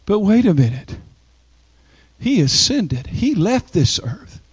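A man preaching a sermon, emphatic, with dramatic pauses and sweeping rises in pitch. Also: sing-song, breathy edge, dry recording, muffled recording.

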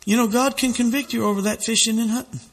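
Male preacher with a high, piercing voice, fiery sermon delivery, long echoing reverb. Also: steady tone, fast, husky. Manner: dramatic, reads quotes aloud with rising intensity. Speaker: street preacher.

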